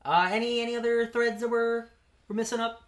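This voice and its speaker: A young man co-hosting a podcast, chatting excitedly, asking questions and using lots of fillers. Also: very high voice, fairly quick. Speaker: podcast co-host. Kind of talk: casual chat.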